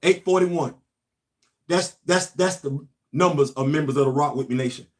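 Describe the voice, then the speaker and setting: A man's voice: a little high, moderate pace. Emphatic man ranting about comics. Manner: emphatic, repetitive, preachy. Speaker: host. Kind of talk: casual commentary monologue.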